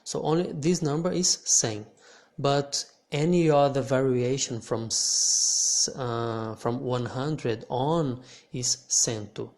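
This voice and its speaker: A man teaching pronunciation in English, patient and pausing with restarts. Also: mid-range voice, vocal fry. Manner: patient, hesitant restarts, repeats words for practice. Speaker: language teacher. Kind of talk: slow explanatory lesson.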